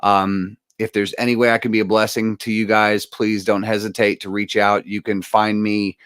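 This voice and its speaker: A man's voice: fairly low pitch, little pitch movement, moderate pace, fairly bright tone, clean tone, no room sound, studio quality. A man speaking as a guest musician, earnest and rambling, with many fillers and restarts in a casual motivational talk.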